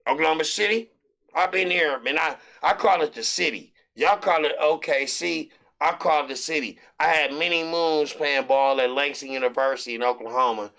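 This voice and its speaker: Gravelly, bright-voiced man hyping his picks. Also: a little high, normal speed. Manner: loose, rambling, hype shout-outs. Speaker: sports betting show host. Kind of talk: casual sports picks monologue.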